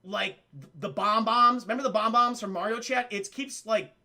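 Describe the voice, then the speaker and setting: A man casually recapping a film for his livestream chat, excitable and profane, often calling out to the chat. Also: sits high, normal speed. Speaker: streamer film reviewer.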